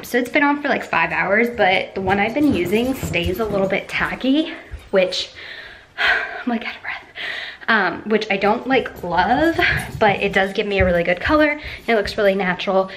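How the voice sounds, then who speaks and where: A woman's voice: fairly bright tone, a little hiss or hum. A young woman in her twenties chatting casually in an upbeat vlog at home, filming herself on a handheld camera. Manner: chatty and upbeat, high sing-song voice for her dogs. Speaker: vlogger. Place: home, indoors.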